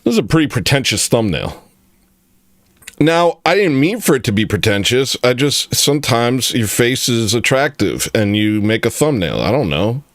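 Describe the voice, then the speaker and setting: Joking male livestream host, lively pitch. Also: moderate pace, no echo, studio quality. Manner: rambling, joking, reacting to chat. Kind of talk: casual livestream chat.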